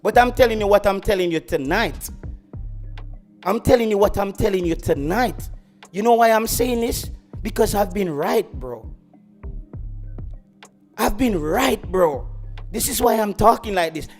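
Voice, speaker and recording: Over soft background music, a Jamaican host of a football channel delivers a boastful livestream rant, drifting into patois. His voice is high-pitched and animated, a little slow, with long pauses.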